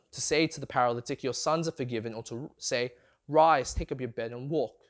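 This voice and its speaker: Male preacher with a lively, swooping voice. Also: a little high. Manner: asks the congregation many rhetorical questions; expressive, rising and falling delivery. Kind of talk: sermon.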